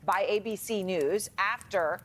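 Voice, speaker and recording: A woman anchors a televised news interview. She questions her guest in a measured voice and stops to clarify her points. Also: medium pitch.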